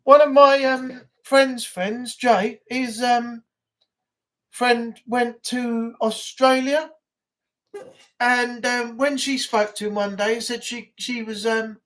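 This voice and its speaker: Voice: mid-range voice, steady tone, takes it slowly, a bit bright. A livestream host with a broad northern English accent chatting casually and rambling, often repeating words and using fillers. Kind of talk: casual live chat.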